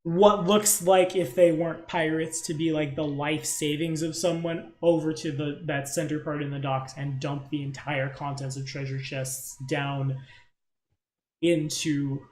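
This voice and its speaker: A man's voice: fairly high pitch, level tone, measured pace, a little mellow, roomy sound. A man running a tabletop game as game master, narrating in a casual, rambling way and teasing the players.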